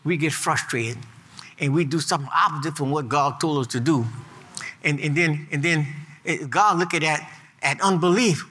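A man preaching a sermon in an animated, repetitive way, stumbling through restarts and rising to emphatic peaks. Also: on the high side, normal speed, a little hiss or hum.

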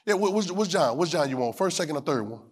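A man a sermon in a call-and-response style. He repeats phrases, asks the room whether they hear him, and climbs to shouts. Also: fairly high pitch, lively intonation, fast. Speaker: preacher.

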